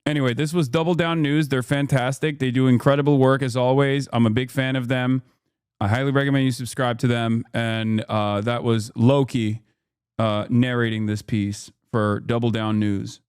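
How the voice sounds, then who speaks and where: A man's voice: mid-range voice, fairly even intonation, moderate pace, a little mellow, smooth, no echo, studio quality. A man hosting a live-stream, reacting to a video with blunt, exasperated commentary and some swearing. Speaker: streamer host.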